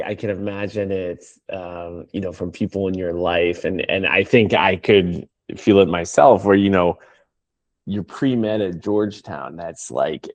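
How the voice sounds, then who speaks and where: Low-voiced podcast host, dry sound. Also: male voice, no room sound. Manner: casual, agreeable, filler-heavy. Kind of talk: casual conversation.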